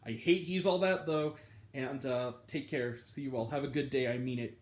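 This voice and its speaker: A man's voice: medium pitch, moderate pace, reverberant. A young man reviewing a film in an exasperated rant, addressing his channel's viewers. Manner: exasperated, ranting. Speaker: movie reviewer. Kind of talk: ranting video review.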